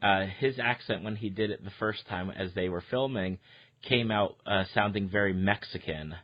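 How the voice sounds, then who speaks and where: Lower-voiced man hosting a movie chat. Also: muffled recording. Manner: conversational, agreeable, with "uh" pauses. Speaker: podcast host. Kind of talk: casual movie review chat.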